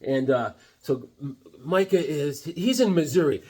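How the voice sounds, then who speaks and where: An excitable man hosts a comic book vlog. His voice is husky and a little raspy, and he jumps around the pitch in a lively way. He rambles and jokes, with sudden loud outbursts. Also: moderate pace. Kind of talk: casual chat showing sketches.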